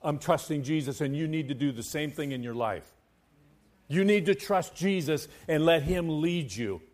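Here a man preaches to his congregation as their pastor, his slightly high voice expressive and moving at normal speed. Quiet, hushed passages give way to loud, fervent ones, and he sing-songs his way through scripture.

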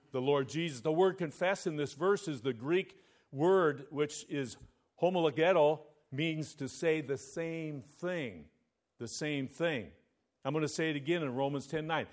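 Brief: male preacher, sermon delivery, somewhat high voice, call-and-response. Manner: calls out "Amen?" to the congregation. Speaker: pastor.

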